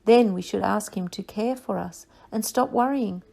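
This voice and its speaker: A woman teacher reading a Bible story aloud to young children, with expressive storytelling and questions to the listeners. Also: mid-range voice, normal speed, vocal fry.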